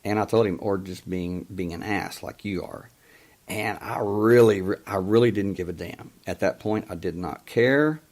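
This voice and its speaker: A man's voice: on the low side, moderate pace, a little mellow. A middle-aged man hosting a call-in talk show, telling a story in an emphatic way and quoting past conversations. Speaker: radio show host.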